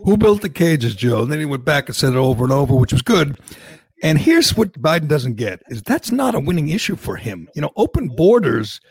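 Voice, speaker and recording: A man's voice: on the high side, big pitch swings, fairly quick, husky, no room sound. A man hosting a podcast, animatedly giving his opinions as he recaps a debate. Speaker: podcast host. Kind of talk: casual political chat.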